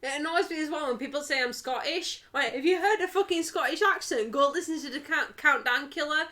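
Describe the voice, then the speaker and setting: A Yorkshire woman chatting loosely on a stream, her voice sitting a little higher than most. She swears a lot and trails off into fillers as she rambles. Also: a little fast, bright, forceful tone. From northern England. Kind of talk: casual stream chat.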